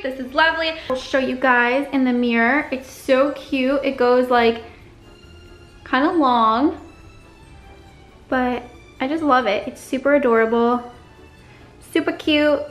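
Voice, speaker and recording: A young woman chatting to the camera at home in a chatty, dramatic way, full of quick exclamations. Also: sits high, fairly bright tone. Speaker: vlogger. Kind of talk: casual chat to camera. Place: home bedroom.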